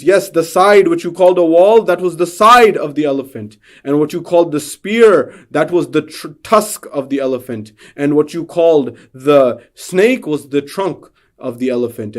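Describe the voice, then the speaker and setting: Male religious lecturer, slightly high voice, dramatic storyteller, stacks rhetorical questions.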